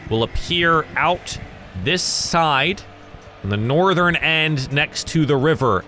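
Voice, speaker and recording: Male game master from the US South, lively pitch, unhurried, halting delivery. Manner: thinking aloud, slow and halting with fillers. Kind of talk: narrating a tabletop game.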